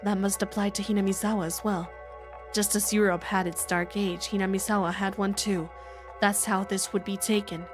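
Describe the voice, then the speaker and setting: A woman voicing a composed adult female researcher in a visual novel readalong, speaking in a measured, lecturing way. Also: mid-range voice, little pitch movement, over music, natural voice. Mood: calm.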